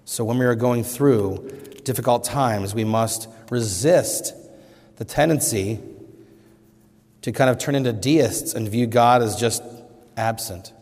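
A man's voice: mid-range voice, unhurried, pauses often, darkish tone. A man preaching a sermon, earnest, lifting his voice when quoting scripture. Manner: earnest, rising emphatically on scripture quotes. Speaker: pastor. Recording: long reverb of a hall.

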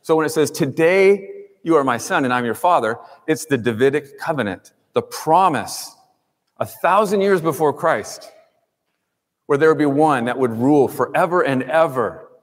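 A man's voice: on the high side, animated, normal speed. A man pastor preaching a sermon, addressing the congregation with emphatic rises and drops. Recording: long reverb in a large room.

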